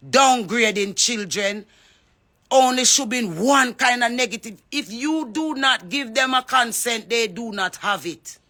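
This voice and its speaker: A woman's voice: a little high, sharp tone. A woman from Jamaica with a Jamaican accent, a singer making a fervent, preachy appeal on social media and calling people out by name. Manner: fervent, preachy, calls out names.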